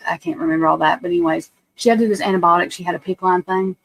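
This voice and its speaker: A woman's voice: fairly low pitch, fairly even intonation, very fast, gravelly, rough recording. A woman in her forties with a drawl chats loosely on a livestream. She rambles from story to story, blunt and profane, and keeps turning to her viewers. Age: 40s. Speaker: livestream host. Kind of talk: casual chat on a livestream.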